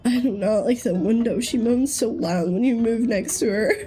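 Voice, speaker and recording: A woman's voice: a little high, moderate pace, mellow. Chatty young woman streamer. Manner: chatty, giggly, thinking aloud with many ums. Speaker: let's-play streamer. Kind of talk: casual gameplay commentary. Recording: game music in the background.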